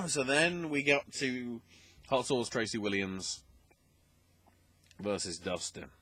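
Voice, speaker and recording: A man's voice: medium pitch, expressive, slow pace, a bit bright, no echo. A young man hosting a wrestling podcast, recapping results in a casual, rambling way, with many fillers and asides.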